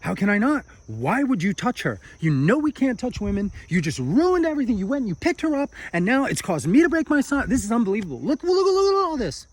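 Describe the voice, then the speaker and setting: A man voicing an indignant, scandalized monk in a storytelling sermon, with shrill, exasperated outbursts. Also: sing-song, fast talker, hardly any pauses, no room sound, exaggerated voice. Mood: outraged.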